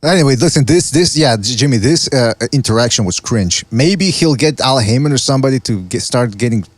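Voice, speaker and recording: A man's voice: mid-range voice, lively intonation, fairly quick, no echo. Guy hosting a podcast, swears a lot, mocks, dry close mic. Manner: profane, mocking, repeats himself. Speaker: podcast host. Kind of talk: casual chat.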